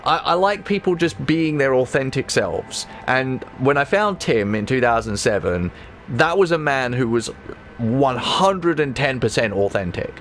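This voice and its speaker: Stream host, male, 30s, mid pitch, rambling casual chat, faint noise behind. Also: animated, a little slow, fairly bright tone. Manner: rambling, many restarts and "right?" tags. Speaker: livestream host.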